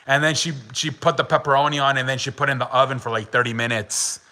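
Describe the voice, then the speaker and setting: A man's voice: mid-range voice, steady tone, fast, pushed and bright, poor audio. A young man telling a story as a podcast host, casual and chatty, laughing often and swearing, with lots of "like" fillers.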